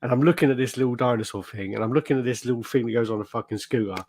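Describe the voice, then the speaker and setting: Swearing podcast host. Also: male voice, mid-range voice, racing. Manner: animated storyteller, swears a lot, acts out quotes. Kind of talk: casual chat.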